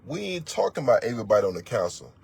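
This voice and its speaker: A man's voice: on the low side, big pitch swings, rapid-fire, gravelly, a little mellow, slightly rough. A man teaching as a religious elder, preaching in a blunt, profane, emphatic way and repeating words for force. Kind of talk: fiery sermon-style teaching.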